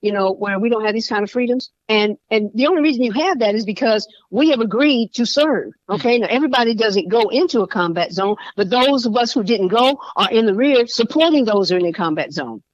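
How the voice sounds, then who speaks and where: A woman's voice: fairly high pitch, animated, fairly quick, few pauses, no echo. A woman state senator and veteran, a podcast guest, talking with passion and repeating phrases for emphasis. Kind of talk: podcast interview. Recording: dull dry lo-fi recording.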